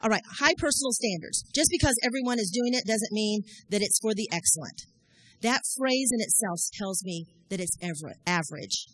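A woman's voice: medium pitch, lively intonation, fairly quick, a bit bright, no echo. A middle-aged woman, giving a sermon in a folksy, storytelling way. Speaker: church speaker.

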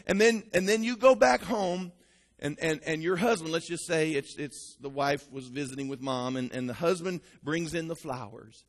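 A male pastor preaching an animated sermon, talking straight to his congregation. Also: fairly high pitch, normal speed, in a large hall.

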